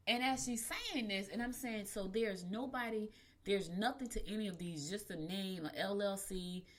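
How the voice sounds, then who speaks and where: A woman's voice: medium pitch, a bit bright. A woman, hosting a local news show and telling a funny story to her viewers in a chatty, laughing way, calling them y'all. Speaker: show host.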